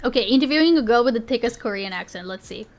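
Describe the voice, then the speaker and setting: A woman's voice: fairly high pitch, lively intonation, fast, faint music behind. A woman streamer chatting casually, constantly restarting and interrupting herself. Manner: self-interrupting, frequent restarts and laughs. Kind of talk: casual chat.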